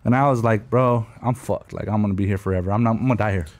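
A man's voice: lowish voice, very fast. Dude in his 30s rambling through old stories, cussing nonstop, laid-back slangy chat. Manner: slangy, profane, storytelling with laughs. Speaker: guest telling war stories. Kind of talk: casual podcast chat.

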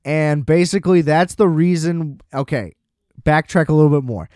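A man's voice: fairly high pitch, normal speed, darkish tone, dry recording. Chatty man recapping a film, dry sound. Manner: loose and chatty, heavy "like" fillers, blunt swearing. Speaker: film reviewer. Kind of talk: casual film plot recap.

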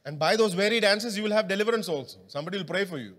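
Racing along in a high, fairly bright voice, a man preaches a sermon with a casual, conversational feel. He quizzes the congregation, and his words ring with long church-hall reverb.

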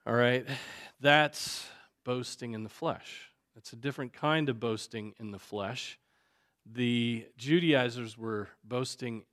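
A man, a pastor, teaching a Sunday school class in a conversational way, often stopping to ask "right?" and filling pauses with "um" and "you know". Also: fairly low pitch, fairly bright tone. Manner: conversational, many fillers and tag questions. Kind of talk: unscripted Bible class teaching.

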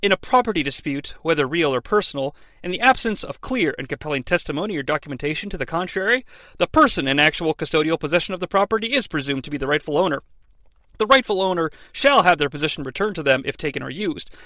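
A man with a high, bright voice tells the story with heavy sarcasm and the odd swear word. His sound is dry and close, with no room around it. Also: animated, quick pace, no echo. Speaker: podcast host recapping wrestling. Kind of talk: comedic recap with quoted impressions.

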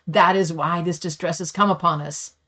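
A woman's voice: fairly low pitch, steady tone, moderate pace, fairly bright tone. A woman reading the lines of anxious brothers pleading their innocence. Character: frightened group of brothers pleading.

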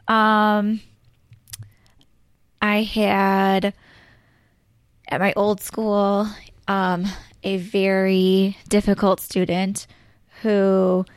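A woman's voice: medium pitch, monotone, very slow, long pauses, clean tone, no echo, studio quality. A woman in her thirties, a teacher guest on a podcast, speaking hesitantly with many ums and you-knows. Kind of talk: casual podcast chat.

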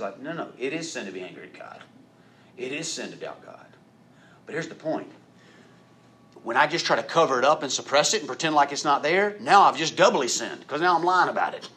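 A man preaching a sermon in an animated way, acting out quoted voices and rising to loud emphatic peaks. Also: medium pitch, brisk, a little hiss or hum. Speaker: pastor.

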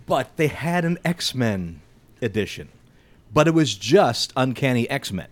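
A man co-hosting a casual comics podcast, sharing news in a relaxed way. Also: mid-range voice, slow. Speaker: podcast co-host. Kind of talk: casual chat.

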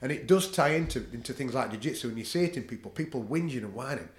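In an echoey room, a middle-aged Northern English man guests on a podcast, talking fast and expressively at medium pitch. He's a jiu-jitsu practitioner who speaks bluntly, swears freely, and laughs at his own stories in casual conversation.

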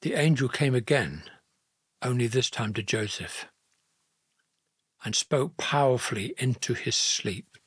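A man narrating a Bible story in a slow, gentle, earnest reading style. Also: medium pitch, lively intonation, husky, dry recording, clean studio sound.

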